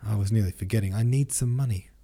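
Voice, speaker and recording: A man's voice: fairly low pitch, fast, dark tone, slightly rough. A man reading an audiobook, voicing an ashamed young nobleman who speaks with false ease. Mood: falsely casual. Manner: falsely casual.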